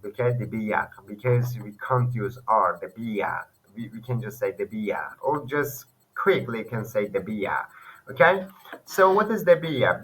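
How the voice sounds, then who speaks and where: A man's voice: on the low side, sharp tone, low-quality recording. Hesitant man. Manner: hesitant, many fillers and self-corrections. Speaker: language learner teaching online. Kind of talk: casual screen-share lesson.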